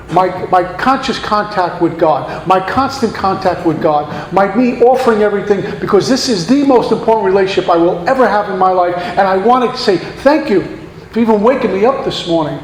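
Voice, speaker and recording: A man's voice: high-pitched, lively intonation, moderate pace. A man speaking at a recovery meeting in an earnest, sermon-like way, full of rhetorical questions. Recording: echoey hall, faint background noise.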